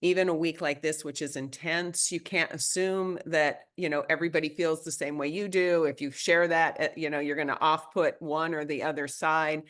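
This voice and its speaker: A moderator posing a question to the speaker during a webinar, brisk and speeding up mid-sentence. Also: mid-range voice, fairly even intonation, a bit bright.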